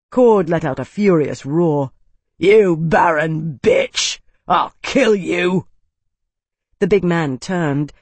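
A man's voice: a little high, no echo. Man narrating a dramatic fantasy audiobook. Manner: steady, dramatic storytelling.

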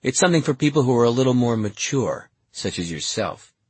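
A man voicing a calm, scheming adolescent boy who speaks slowly and in a hushed, conspiratorial way. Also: mid-range voice, slightly rough, dry recording.

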